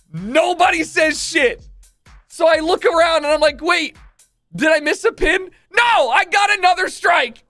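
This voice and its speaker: A young man with a high, light voice tells a story to his stream chat. He talks loosely and swears freely, and he acts out the moments, sometimes rising to shouts. Faint music plays under him.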